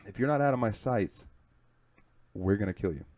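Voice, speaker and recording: Casting: gruff threatening game mob boss, done by a man. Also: on the low side, lively intonation, moderate pace, darkish tone, dry recording, lightly acted. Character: blustering male mob boss making threats.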